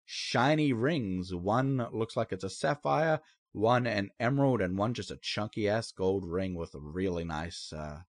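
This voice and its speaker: A man's voice: on the low side, lively intonation, no echo. A man running a tabletop game, his voice rising and falling animatedly as he describes the scene. He often laughs and stumbles over restarts. The sound is dry and close to the mic. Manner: laughing, halting narration with restarts. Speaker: game master.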